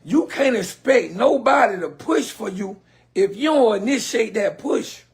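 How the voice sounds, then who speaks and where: A man's voice: high voice, animated, measured pace. A man giving an emphatic, preachy motivational talk on a live stream. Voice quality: very husky.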